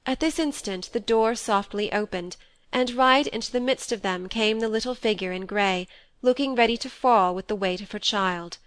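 A woman's voice: medium pitch, moderate pace, smooth, dry recording. Woman reading a novel aloud, dry. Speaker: audiobook narrator. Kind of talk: scripted narration.

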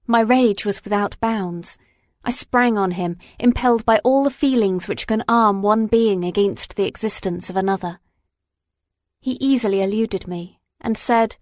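A woman reading a classic novel aloud as an audiobook narrator, in a measured, dramatic way. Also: medium pitch, a little mellow, no echo, clean studio sound. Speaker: audiobook reader. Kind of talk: scripted narration.

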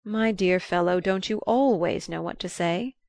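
A woman playing a quiet, wistful older gentleman, slow and gentle, held back in every word. The voice is dry and close, with nothing of a room behind it. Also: lowish voice, gravelly, dry recording. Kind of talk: audiobook character voice.

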